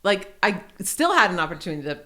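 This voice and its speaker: A middle-aged woman hosting a podcast, telling a personal story in casual chat and acting out the quotes with lively energy. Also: lowish voice, fast talker. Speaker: podcast host.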